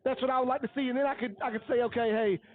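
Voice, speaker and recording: A man giving coach-like color commentary on a high school football game, earnest and openly emotional as he breaks down each play. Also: steady tone, very fast, phone-quality sound. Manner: analytical, coach-like breakdowns of plays.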